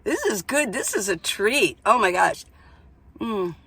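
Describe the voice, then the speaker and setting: Woman, casual van-life vlogger, gravelly, talks in loose rambling stories. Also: medium pitch, very animated, unhurried, pushed and bright, a little hiss or hum. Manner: rambling, chatty, storytelling. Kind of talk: casual chat to camera. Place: inside a minivan.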